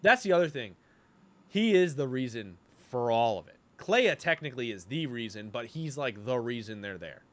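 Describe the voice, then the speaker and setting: A male podcast co-host talking in a loose, casual way, full of fillers and swearing. His voice sits at an ordinary middle pitch for a man. He keeps up an animated running commentary. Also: moderate pace. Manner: animated, profane retelling with many fillers. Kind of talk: casual chat.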